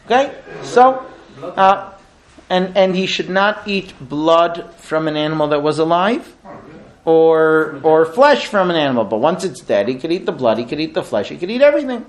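Man, teacher, animated storyteller, laughs often, fairly high voice. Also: normal speed. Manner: animated, laughs often while telling stories. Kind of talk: storytelling religious lesson.

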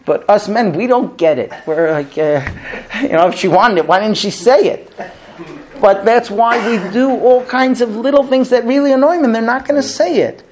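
In a very high-pitched voice at a moderate pace, a middle-aged man leads his recurring class as a rabbi. He's an animated storyteller who performs the dialogue he quotes, keeping the lecture funny and lively.

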